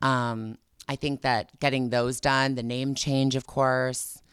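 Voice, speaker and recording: A woman's voice: rumbling low, level tone, takes it slowly, clear, resonant tone, no echo, clean studio sound. A woman co-hosting a podcast, talking in a casual, heartfelt and emotional way. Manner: emotional, heartfelt, chokes up with laughs. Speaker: podcast co-host. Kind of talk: casual chat.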